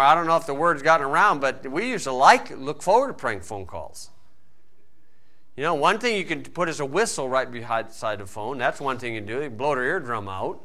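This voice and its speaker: A man preaching a sermon in a folksy storytelling way, swinging between loud emphasis and quiet asides. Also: fairly high pitch.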